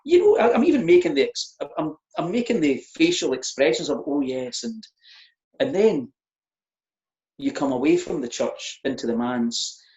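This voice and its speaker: A middle-aged man, a church minister, speaking openly and reflectively in an interview, often halting and repeating words. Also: a little high, wildly swooping pitch, darkish tone. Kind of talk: candid conversational interview. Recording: echoey, dull lo-fi audio.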